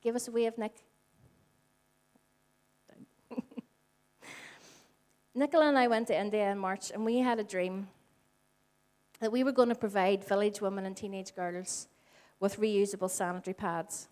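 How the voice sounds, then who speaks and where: Standing before a congregation in a church hall, this Northern Irish woman in her forties delivers a chatty sermon. She speaks at a medium pitch, unhurried and pausing often. Her storytelling is lively, and she performs the dialogue she quotes.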